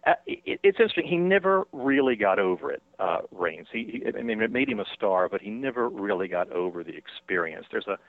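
A man, an author being interviewed by phone, talking in a halting way with many fillers and restarts. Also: on the low side, lively intonation, creaky, dry recording. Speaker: author and guest. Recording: tinny dry phone line.

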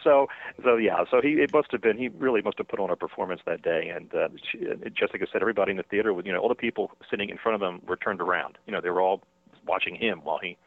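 A man, an author being interviewed by phone, talking in a halting way with many fillers and restarts. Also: low voice, no room sound. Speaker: author and guest. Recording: tinny dry phone line.

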